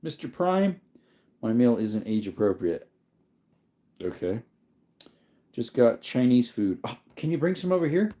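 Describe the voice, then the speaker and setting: Mellow-voiced sleepy man chatting casually. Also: medium pitch, measured pace, pauses often. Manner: relaxed and rambling, reading comments aloud. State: sleepy, yawning. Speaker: livestream host reading viewer chat. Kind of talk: casual chat.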